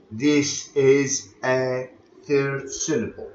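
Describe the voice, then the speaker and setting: Male teacher, on a lo-fi recording, fast explanations, slow word drills. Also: mid-range voice, fairly even intonation. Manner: switches between rapid explaining and slow drilled repetition of words. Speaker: English teacher. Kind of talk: recorded online lesson. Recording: echoey, dull lo-fi room recording.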